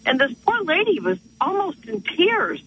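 Calling into a radio show, a woman from northeastern Pennsylvania tells a story earnestly and animatedly in a very high, somewhat bright voice with big pitch swings and a moderate pace. The telephone line sounds tinny, with a little hiss or hum.

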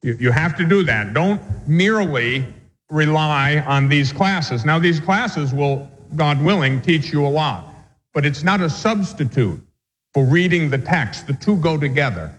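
A man, a Catholic priest, giving a measured, patient catechism lecture with anecdotes. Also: a little high, expressive, in a large hall, low-quality recording.

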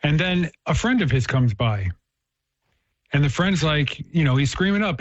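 A man's voice: a little high, expressive, moderate pace, dry recording. A man in casual conversation, earnestly telling a parable and explaining ideas, often restarting his phrases and acting out the quoted lines. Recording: dull dry lo-fi sound.

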